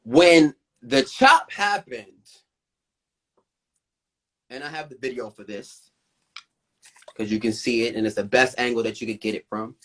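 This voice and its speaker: A male host telling a story in a casual live-stream chat, animated and profane, retelling events with a lot of drama. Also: mid-range voice, a little slow, long pauses, slight background noise.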